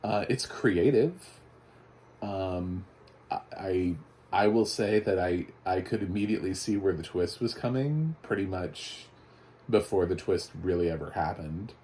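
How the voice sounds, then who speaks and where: A man's voice: sits low, measured pace, a little mellow. A man giving a casual, chatty spoken movie review, often laughing. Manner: chatty, laughing, mock voices for quotes.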